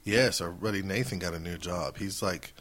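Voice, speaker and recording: A man's voice: sits low, moderate pace, a crowd in the background. A man co-hosting a podcast, telling jokey stories in rambling casual chat. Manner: rambling, jokey storytelling with fillers. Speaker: podcast co-host.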